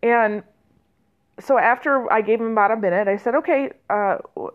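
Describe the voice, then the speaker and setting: A woman trainer telling a personal story in a conversational way, with fillers and restarts and lively quoted speech. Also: a little high, moderate pace, phone-quality sound. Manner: conversational, many fillers and restarts, animated quoting.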